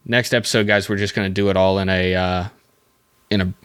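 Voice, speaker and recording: Talking into a desk mic, a young podcast host delivers a casual solo monologue in a deep, steady, clean voice with a fairly bright tone and a brisk pace. He rambles, pokes fun at himself, and fills his speech with fillers and restarts.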